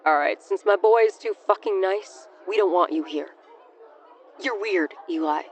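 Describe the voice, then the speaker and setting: A woman's voice: mid-range voice, moderate pace, a little mellow, a faint crowd, a little hiss or hum, lightly acted. Woman voicing a sneering, cruel young man. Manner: sneering, biting.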